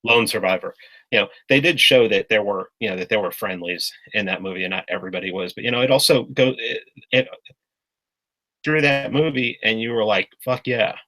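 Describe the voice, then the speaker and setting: Blunt, profane man with a low voice. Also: fairly quick, bright, forceful tone, low-quality recording. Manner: blunt and profane, with frequent restarts. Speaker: podcast guest. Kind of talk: casual political discussion.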